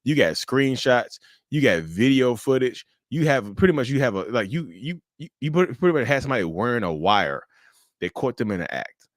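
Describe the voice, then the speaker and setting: A man hosting a casual livestream, animated and joking, often stumbling and restarting as he answers viewers' questions. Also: mid-range voice, fairly quick, dry recording, clean studio sound. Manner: addresses viewers as y'all, answers chat questions. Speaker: livestream host.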